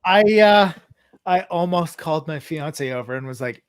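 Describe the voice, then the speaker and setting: A man's voice: a little high, expressive, normal speed, clean tone, dry recording. Rambling, laughing man on a dry call. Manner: rambling, full of fillers, breaks into laughter. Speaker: guest actor. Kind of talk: casual storytelling on a video chat.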